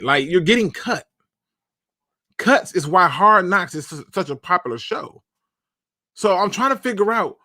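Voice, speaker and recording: A man hosting a live sports talk stream, chatting casually with slang and repeated starts, giving shout-outs and opinions. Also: a little high, dry recording, clean studio sound. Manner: conversational, repeats himself, uses slang. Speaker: podcast host.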